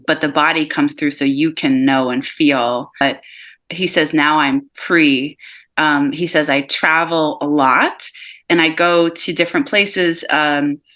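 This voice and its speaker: A woman giving a live mediumship reading over a video call, relaying messages calmly and softly, often laughing between them. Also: deep voice. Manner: relays messages in a calm, soft, slow delivery, with frequent laughs.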